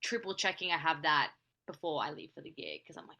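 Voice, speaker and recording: A young woman from Australia talks casually as a podcast guest with a bright, forceful tone. Her speech is loose and chatty, full of "like" and little restarts. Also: low-pitched, expressive, brisk. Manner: chatty, filler-heavy with frequent "like". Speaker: podcast guest, actress and singer. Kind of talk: casual interview chat.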